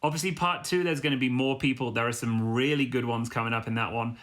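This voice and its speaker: A man hosting a casual reaction video, animated and excitable, swearing freely. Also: mid-range voice, quick pace. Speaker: host reacting to fan rap entries.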